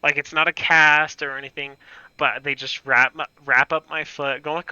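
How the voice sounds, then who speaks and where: A man's voice: a little high, steady tone, moderate pace, bright, forceful tone, clear, resonant tone, dry recording, muffled recording. A man telling a rambling story while playing a game, laughing often and swearing casually. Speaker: gaming streamer. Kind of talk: casual anecdote while gaming.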